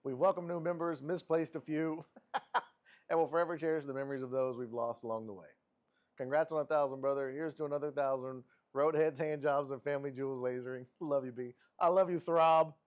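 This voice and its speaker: A man hosting a sports live stream, reading viewer messages aloud in an animated, affectionate way. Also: brisk. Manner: animated and affectionate, with frequent laughs and pitch jumps.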